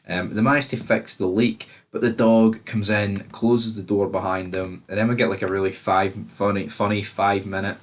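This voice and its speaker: A Scottish man with a fairly low voice talks through a film review in loose, casual chat. He rambles from point to point and swears freely as he goes. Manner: rambling, swears freely, frequent fillers and restarts. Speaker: movie reviewer.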